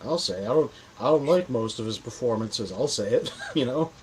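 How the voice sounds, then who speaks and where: A man's voice: medium pitch, lively intonation, moderate pace, a little hiss or hum, low-quality recording. A young man co-hosting a casual podcast chat, stammering through his openings and laughing at his own remarks. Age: young adult. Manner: stammering, self-amused. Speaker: podcast co-host.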